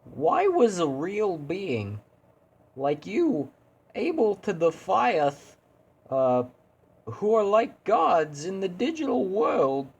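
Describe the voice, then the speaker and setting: A man voicing a grandiose, godlike male villain from a digital world, speaking slowly and theatrically in a raised voice. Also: sits high, wildly swooping pitch, vocal fry, darkish tone, breathy edge, highs cut off, pitched above the performer's own voice, exaggerated voice. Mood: haughty menace. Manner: slow, lofty, theatrical delivery.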